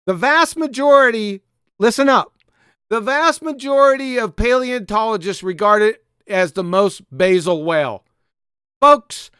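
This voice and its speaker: A man's voice: high voice, a bit bright, clear, resonant tone, dry recording, clean studio sound. A man hosting a live online discussion, mocking and emphatic, often calling out to viewers. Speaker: host.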